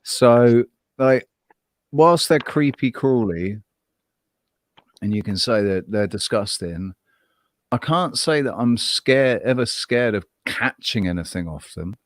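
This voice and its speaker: A man's voice: medium pitch, animated, takes it slowly, no room sound, studio quality. A man co-hosting a casual chat, telling rambling, profane stories with many restarts. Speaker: co-host.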